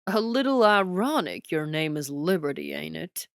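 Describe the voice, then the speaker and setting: A woman voicing an older male American president with a booming, slightly raspy voice and a Texas twang, in an audiobook. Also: lively intonation, normal speed, no room sound, studio quality. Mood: folksy. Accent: Texas twang, put on.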